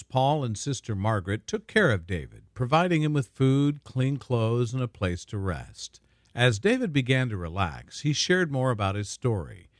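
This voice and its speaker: A man narrating a scripted dramatic story in a smooth, even storytelling manner. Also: medium pitch, dry recording, clean studio sound.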